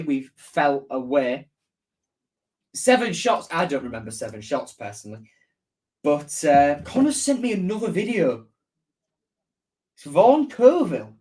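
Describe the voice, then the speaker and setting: A man hosting a casual live-stream football match preview, chatting and reading out viewer comments as he answers them. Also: on the high side. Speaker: football fan channel host.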